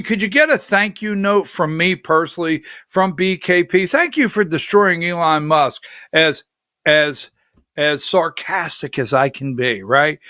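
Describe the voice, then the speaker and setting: A man's voice: high-pitched, pushed and bright, no echo, clean studio sound. A man hosting a political commentary show, sarcastic and talking straight to his audience as he calls for clips and reads from articles, with a Southern US accent.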